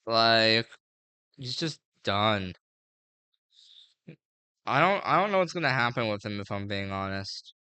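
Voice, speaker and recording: Bright, clear-voiced man rambling casually. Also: on the low side, animated, measured pace, pauses often, no room sound. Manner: rambling, filler-heavy, slangy. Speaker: MMA fight previewer. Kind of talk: casual fight breakdown.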